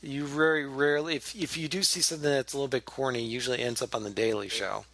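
Bright-voiced joking male podcast host. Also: medium pitch, fairly even intonation, fast, no room sound. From US Midwest. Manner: joking, laughs often, stammers when starting. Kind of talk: casual comedy podcast chat.

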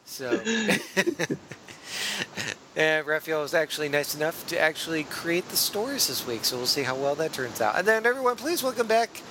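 A man's voice: a little high, expressive, brisk, few pauses, pushed and bright, slight background noise. A man hosting a casual comedy podcast, joking and self-mocking, with a put-on radio-announcer delivery. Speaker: podcast host.

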